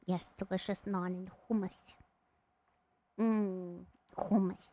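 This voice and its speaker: A woman's voice: medium pitch, fairly even intonation, takes it slowly, dark tone. A woman streamer chatting casually and rambling, laughing often and snacking as she talks. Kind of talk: casual live-stream chat.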